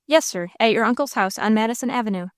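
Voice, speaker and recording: Earnest teenage street boy, read by a woman, plain, stubborn, higher voice, dry close sound, audiobook. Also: fast talker, no room sound, natural voice.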